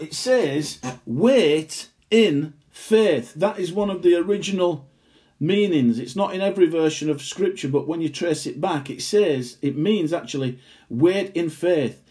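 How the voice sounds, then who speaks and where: A man preaching a sermon, earnest and emphatic, slowing down to stress key phrases. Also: fairly high pitch, lively intonation, a little mellow.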